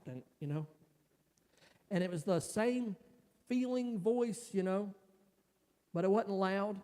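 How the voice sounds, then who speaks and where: A man giving an emotional personal testimony as a church speaker, telling his story in a halting way. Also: high voice, warm tone. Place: church sanctuary. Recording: reverberant church hall.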